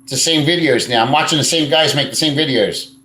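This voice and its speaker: A man's voice: a little high, brisk, sharp tone. Blunt, crude man in an echoey room. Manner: blunt and crude, swears freely, rambling. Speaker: live stream host. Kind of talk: casual live stream chat, reading viewer comments.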